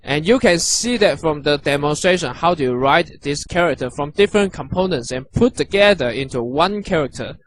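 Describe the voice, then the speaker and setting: A man teaching characters and their pronunciation, patient and encouraging, repeating each sound slowly. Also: on the high side, animated, a little hiss or hum. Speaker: language teacher. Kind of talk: instructional narration.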